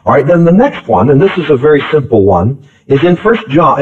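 A man's voice: a little high, sing-song, brisk, a little hiss or hum. A man preaching a sermon in an emphatic style, repeating key phrases and calling out questions to the congregation. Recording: tinny phone-like old tape recording.

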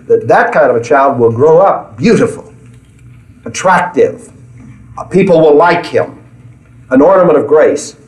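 Earnest man preaching in an echoey hall. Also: mid-range voice. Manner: earnest, repeats himself while searching for words. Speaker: pastor leading a Bible study. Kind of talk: sermon-style Bible study discussion. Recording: echoey room, mic at a distance.

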